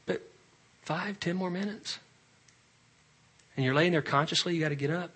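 A male pastor preaching a sermon, swinging from loud emphatic rises to quiet, low asides. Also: moderate pace, breathy edge.

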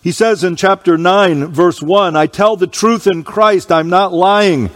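Preaching in a large hall, a man with a high, fairly bright voice reads from scripture with slow, weighty emphasis. His allergies make him clear his throat during the church sermon.

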